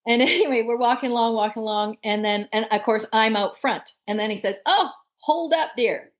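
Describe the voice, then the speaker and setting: Woman podcast guest, higher register, animated storyteller who laughs a lot. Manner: lively, laughs often, quick bursts.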